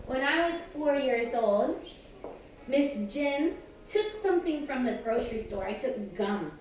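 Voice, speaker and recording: A woman teaching yoga to preschool children, gently coaxing them through poses and telling a simple story. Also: sits high. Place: preschool classroom. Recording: echoey room, far from mic, music behind.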